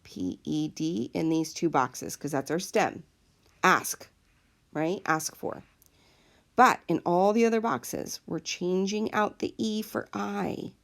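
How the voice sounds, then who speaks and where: A woman's voice: on the low side, slow, vocal fry. A woman teacher explaining a lesson patiently, step by step, in a recorded classroom video. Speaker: Spanish teacher.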